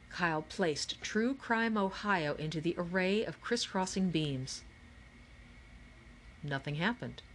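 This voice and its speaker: A woman reads a children's novel aloud in a steady storytelling voice. Her tone sits a little low. The delivery is clear and measured, shifting between narration and voices. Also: slight background noise. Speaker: audiobook narrator. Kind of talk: scripted narration.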